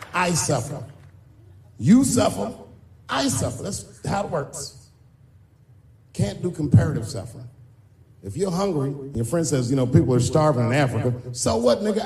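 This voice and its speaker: A man doing stand-up comedy who rants and acts out exchanges, rising to loud punchlines. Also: high-pitched, vocal fry. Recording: live hall recording with background noise.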